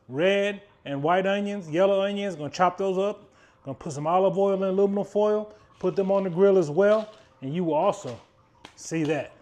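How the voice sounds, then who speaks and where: A man with a fairly high voice walks viewers through a grilling recipe step by step. He talks in a loose, chatty way and slips in joking asides to the audience. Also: a little mellow. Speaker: cooking channel host. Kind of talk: casual cooking demonstration.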